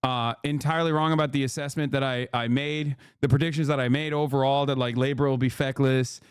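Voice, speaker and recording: A man's voice: mid-range voice, steady tone, a little fast, smooth, no room sound, studio quality. A man streaming political commentary in a casual, rambling, mocking way, cursing and repeating himself. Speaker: streamer reacting to news.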